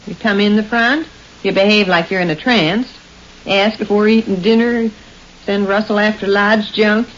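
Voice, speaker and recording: Actress as a homey, exclaiming housewife, 1930s radio comedy, muffled hissy sound. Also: female voice, mid-range voice, fairly even intonation, close to an everyday voice. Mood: bustling. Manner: quick homey exclamations, teasing. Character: fussy, practical middle-aged housewife. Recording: hissy lo-fi old radio recording.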